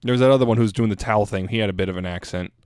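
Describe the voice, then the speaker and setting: Reviewing a cartoon episode on a podcast he co-hosts, a man talks rapid-fire in a lowish, darkish voice. His loose, casual chatter is full of restarts and laughter, and the studio recording is clean and echo-free.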